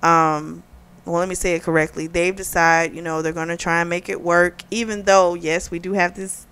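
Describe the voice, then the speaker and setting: A woman's voice: lowish voice, level tone, moderate pace, fairly bright tone, clean tone. A woman hosting a casual book review, retelling the plot in a chatty way with lots of "like" and "you know.".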